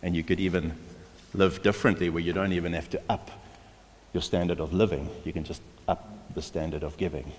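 Male pastor, low voice, emphatic sermon delivery, reverberant church hall. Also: steady tone, a little fast, slight background noise. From South Africa. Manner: emphatic, exhorting, with repeated restarts.

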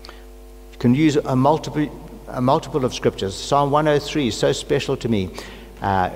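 Earnest pastor preaching in a reverberant hall. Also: male voice, mid-range voice, moderate pace, vocal fry. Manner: earnest, personal preaching with rising fervent prayer. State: has a cold. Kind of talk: sermon. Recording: long hall reverb, faint hum.

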